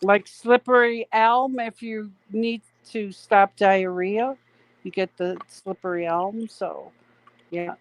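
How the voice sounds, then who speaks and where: A woman's voice: mid-range voice, steady tone, low-quality recording. A woman co-hosting a casual late-night livestream, chatting and reading viewer comments aloud. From Canada. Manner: chatty, drawn-out, reads chat aloud. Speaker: stream co-host.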